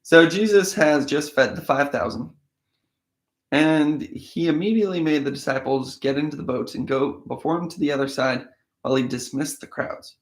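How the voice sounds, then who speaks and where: A man with a slightly hoarse voice from a cold, reading a Bible passage and thinking aloud about it in a casual, conversational way. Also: a little high, normal speed. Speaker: host of a daily Bible reading show. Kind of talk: casual scripture reading with commentary. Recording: echoey room.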